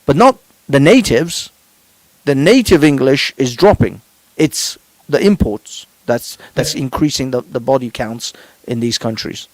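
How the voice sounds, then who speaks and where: A man's voice: mid-range voice, lively intonation, measured pace, no echo. A male podcast host giving fervent, preachy commentary, swearing and repeating words for emphasis.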